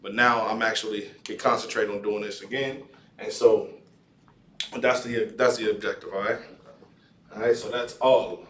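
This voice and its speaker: A man's voice: on the low side, fairly even intonation, normal speed, long pauses, fairly bright tone. A man teaching a classroom language lesson, repeating words and often checking in with "all right?". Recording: echoey room, far from mic.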